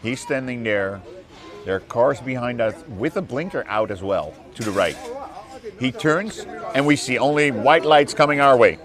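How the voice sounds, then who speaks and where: A man streaming outdoors on a city walk, chatting casually with a guest and telling stories in an animated way, full of repeated words and laughter. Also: medium pitch, normal speed, faint music behind. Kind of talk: casual chat.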